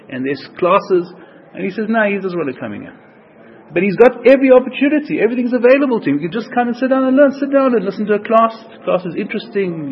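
A man's voice: fairly high pitch, gravelly, highs cut off. A man teaching a religious text in an earnest, repetitive way, restating each phrase as he explains it. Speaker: Torah teacher.

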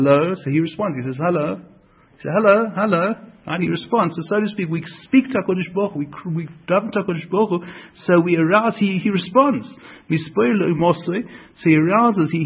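A man's voice: fairly high pitch, vocal fry, slightly rough. A man teaching a religious lesson, earnest, repeating and rephrasing each point as he explains it. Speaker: Torah teacher. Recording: dull lo-fi recording.

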